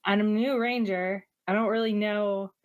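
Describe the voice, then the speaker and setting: A woman playing a tabletop game, thinking aloud in a casual, slow, easygoing way. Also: mid-range voice, steady tone, narrow, tinny audio. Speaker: player. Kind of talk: casual tabletop play chat.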